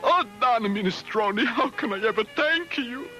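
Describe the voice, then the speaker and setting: Squeaky groveling crooner, bright, swoops around. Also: male voice, expressive, normal speed, faint music behind, heavily acted. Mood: pleading. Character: groveling Italian-American singer, loud and emotional. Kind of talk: 1970s cartoon voice acting.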